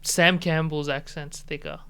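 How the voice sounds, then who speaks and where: Bright, gravelly Australian man. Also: on the high side, little pitch movement, a little slow. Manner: easygoing, filler-heavy, trailing off. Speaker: comedian guest. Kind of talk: casual chat.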